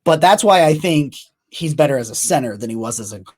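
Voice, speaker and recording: A man's voice: a little high, expressive, a little fast, slightly rough. A man hosting a casual sports chat over a video call, rambling with many restarts, his audio choppy from a bad connection. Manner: rambling, with frequent restarts and trailing off. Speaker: podcast host.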